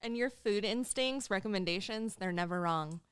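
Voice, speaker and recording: A woman's voice: mid-range voice, moderate pace, clear, resonant tone, no room sound, studio quality. A woman interviewer reading out fan questions and giving short, affirming replies. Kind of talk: casual interview.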